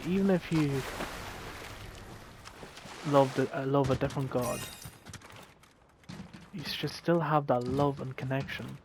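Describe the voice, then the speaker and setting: Man, slow earnest storyteller, repeats himself, noisy game audio behind. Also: mid-range voice. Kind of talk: storytelling monologue over gameplay.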